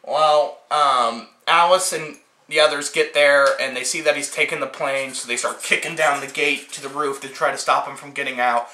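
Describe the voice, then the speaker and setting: A man's voice: on the high side, fairly even intonation, moderate pace, pushed and bright. A man hosting a casual movie review chat, rambling and firing off rhetorical questions. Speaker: host. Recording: echoey room.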